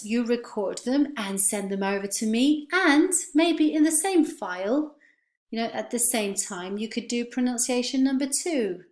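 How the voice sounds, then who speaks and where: A woman teaching English pronunciation, modelling words and sentences slowly and clearly for her students. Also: mid-range voice, reverberant. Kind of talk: online pronunciation lesson.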